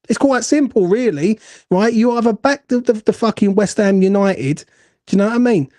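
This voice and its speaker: A man rants bluntly and swears as host of a fan call-in show. His voice sits a little high but sounds dark and mellow, caught dry and close. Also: lively intonation, moderate pace, dry recording. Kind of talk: heated fan call-in chat.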